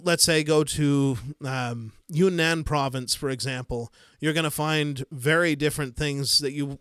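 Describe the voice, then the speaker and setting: Livestream host, American man, Midwestern accent, relaxed and rambly, dry close sound. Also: on the high side, clear, resonant tone, no room sound. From United States. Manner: rambling, easygoing, frequent fillers and soft chuckles. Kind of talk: casual live-stream chat, reading viewer comments.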